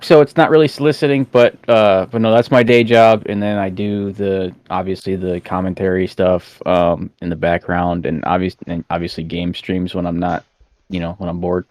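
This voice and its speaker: A man's voice: deep voice, fairly even intonation, moderate pace, a little mellow, no echo, clean studio sound. A man in his late twenties from New York and Georgia, a podcast guest telling joking stories in a loose, casual way. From born in New York, raised in Georgia. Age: 20s. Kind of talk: casual drinking chat.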